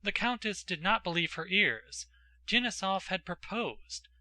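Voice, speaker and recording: A male narrator reading a classic novel, measured and even in his storytelling. His voice is strikingly bright and a little high, and it is recorded close and dry. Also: no room sound. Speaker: audiobook narrator.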